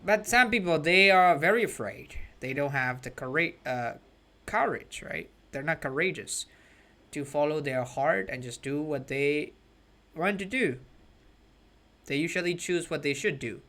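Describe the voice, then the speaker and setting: A man's voice: on the high side, animated, a little slow, bright, forceful tone. A man from Myanmar, an English teacher explaining a story to students and often checking in with "right?".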